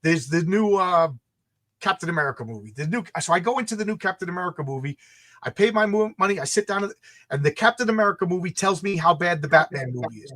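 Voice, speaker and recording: High-pitched new guy ranting on a livestream, jumping into little acted-out quotes. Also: quick pace. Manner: animated, ranting, acts out quotes. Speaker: comic creator and channel host. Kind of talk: heated livestream conversation.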